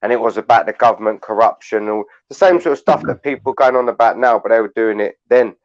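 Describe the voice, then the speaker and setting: A man's voice: medium pitch, fast talker. A man hosting a live panel chat, rambling bluntly and swearing. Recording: dull lo-fi online audio.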